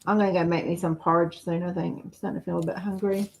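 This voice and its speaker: A woman's voice: on the low side, flat delivery, quick pace, gravelly, poor audio. A woman chatting frankly on a livestream and laughing easily. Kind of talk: casual livestream chat.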